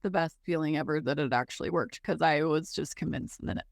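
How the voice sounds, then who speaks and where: A woman's voice: deep voice, brisk, creaky, no echo, studio quality. A woman as an interview guest, telling a personal story candidly and emotionally, with many "like"s.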